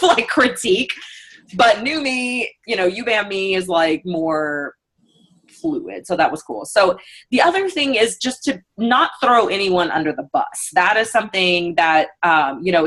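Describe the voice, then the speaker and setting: A woman's voice: fairly low pitch, fairly bright tone. A woman giving a casual customer care training on a video call, chatty and full of fillers, acting out customer messages. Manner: chatty, many fillers, acts out customer quotes. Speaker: book sales consultant leading a team training.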